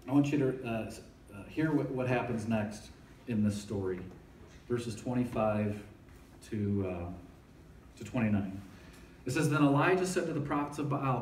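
A man's voice: mid-range voice, moderate pace, a little mellow, a little hiss or hum. A man giving an informal, conversational sermon to students, often checking in with his listeners. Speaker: campus ministry speaker. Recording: echoey room, voice from a distance.

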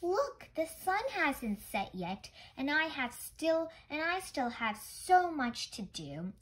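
A woman's voice: high voice, sing-song, takes it slowly, pitched above the performer's own voice, full character voice. A woman voicing an eager, stubborn little girl who pleads to stay up. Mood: pleading.

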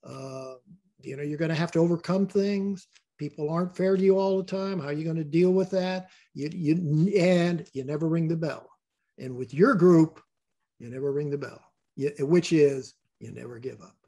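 A man's voice: a little high, moderate pace. Older man telling stories in rambling chat. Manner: rambling, repeats words, warm storyteller. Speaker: guest. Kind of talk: casual interview chat.

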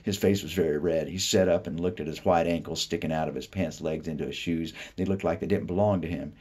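A man from the Appalachian United States reads a short story aloud in a deep, husky voice. His reading is expressive, sinking soft and low whenever he voices the character's private thoughts. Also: fast. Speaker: reader.

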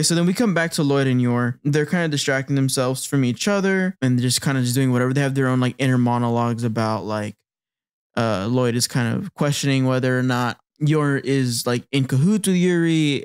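A man's voice: medium pitch, normal speed, smooth. Laughing man recapping anime. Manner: animated, laughing, acting out character lines. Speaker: podcast co-host. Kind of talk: casual chat recapping an anime.

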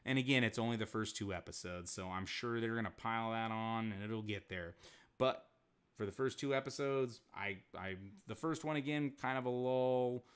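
A man talks through a cartoon episode on his livestream in a lowish voice. He rambles and swears freely, dropping quick voiced asides for the characters as he goes. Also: fairly bright tone, clear, resonant tone. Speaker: streamer reviewing comics and shows. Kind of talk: casual livestream commentary.

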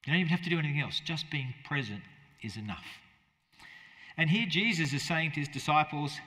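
A man's voice: fairly high pitch, lively intonation, a little fast, bright, forceful tone, in a large hall. A man preaching a conversational sermon as pastor, often asking his listeners rhetorical questions.

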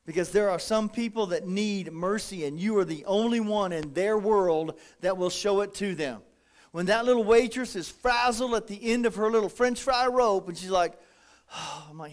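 A man preaching a folksy, animated sermon as pastor, acting out little quotes. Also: high-pitched, normal speed.

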